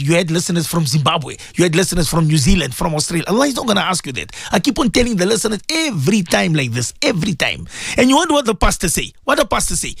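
A man's voice: sits high, vocal fry, a bit bright, husky, no echo, clean studio sound. A man, preaching fervently as an Islamic radio presenter and calling out again and again to his listeners. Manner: fervent, repetitive, preachy, addresses listeners directly. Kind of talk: impassioned religious radio talk.

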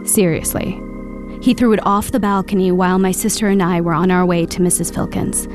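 A woman narrates as an adult looking back on a painful childhood, in an earnest, reflective radio-drama voice. Clear music plays beneath her words. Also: fairly low pitch, fairly even intonation, fairly quick, natural voice. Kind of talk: dramatized first-person narration. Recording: narration over background music.

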